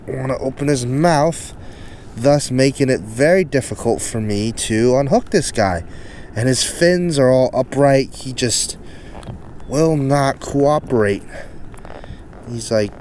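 A man talking at an unhurried, drawn-out pace, narrating his fishing out on the open ocean from a kayak. He coaxes, scolds and exclaims at the fish in a chatty, casual way, his voice caught by a camera-mounted mic with faint background noise. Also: medium pitch, darkish tone. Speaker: fishing vlogger. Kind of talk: casual play-by-play while fishing. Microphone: camera-mounted external mic.

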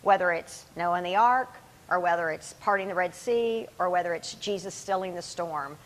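A woman giving a sermon in a relaxed, conversational way, with informal asides. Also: lowish voice, moderate pace, low-quality recording. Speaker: guest preacher.

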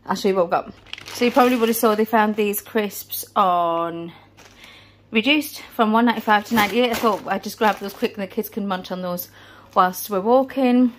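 A woman's voice: mid-range voice, moderate pace, slight background noise. A British woman in her thirties, out of breath, chatting casually through a family shopping haul. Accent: British English. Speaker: family vlogger. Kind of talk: casual vlog chat.

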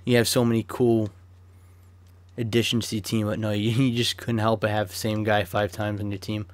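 A man's voice: lowish voice, little pitch movement, moderate pace, no echo. A young man giving casual, chatty commentary on a football video game as he opens card packs, swearing freely and flaring up in sudden rants. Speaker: gaming YouTuber.

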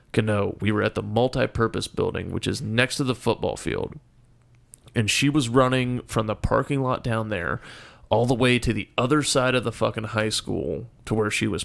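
A man's voice: medium pitch, vocal fry. A young man co-hosting a podcast, telling a story in a casual, profane way and acting out the quotes. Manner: profane, animated storyteller who acts out quotes. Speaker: podcast co-host.

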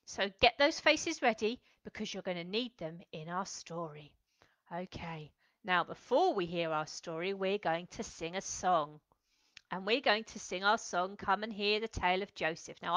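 A woman leading a children's lesson, speaking slowly and gently and acting out feelings for her young viewers. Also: mid-range voice, expressive, no room sound, muffled recording. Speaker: children's club leader.

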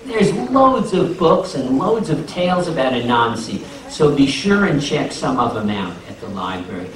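A man telling a folk tale live to schoolchildren, animated and asking them questions, recorded from a distance. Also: normal speed. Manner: animated, asks the children questions, voices rise high in excitement. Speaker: storyteller and folk singer. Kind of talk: live storytelling for children. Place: school room with a child audience. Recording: echoey room from far off, noisy.

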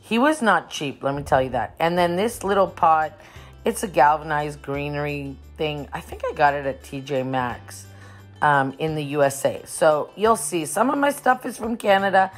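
A chatty woman vlogging about home decor with a slightly low voice. She gushes and rambles, repeating words in her excitement. Her voice rings in a roomy space, with faint music underneath. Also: moderate pace. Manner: bubbly, gushing, repeats herself; rambling, talkative. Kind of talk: casual chatty vlog and voice-over.

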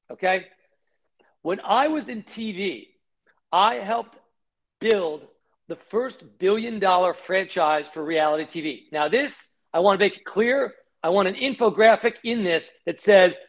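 A middle-aged man being interviewed, telling his career stories in a punchy, energetic way and quoting people in quick bursts. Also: high-pitched. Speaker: guest, company founder. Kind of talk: animated interview storytelling.

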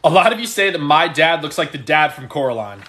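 A man's voice: a little high, animated, quick pace, bright, forceful tone. A young man making comedy videos with his father, casual and teasing. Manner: teasing, playful.

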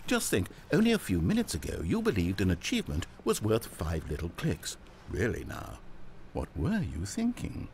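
A man's voice: low-pitched, huge pitch swings, normal speed, darkish tone, slight background noise, heavily acted. An actor playing a smug, chatty male game narrator with a wry, theatrical manner. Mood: mocking.

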